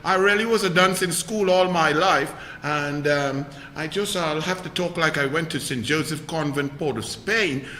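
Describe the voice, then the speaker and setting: A man doing a prim woman politician putting on airs, in a mock-posh, affected voice with a lilt. The voice sits high and very bright, cutting and sharp. It bounces around an echoey hall with a long ringing tail. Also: moderate pace, hardly any pauses, a little hiss or hum.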